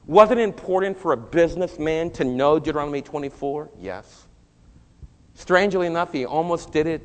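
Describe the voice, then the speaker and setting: A man preaching a sermon, telling a Bible story with animated rises and quieter stretches. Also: medium pitch, in a large hall. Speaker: pastor.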